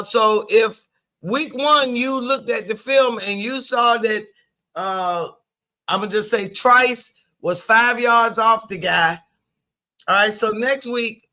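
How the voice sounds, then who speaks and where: A man co-hosting a casual sports show, his voice high for a man and bright. He hammers home his opinions by saying them again and again. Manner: emphatic, repeats his point. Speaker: sports talk show co-host.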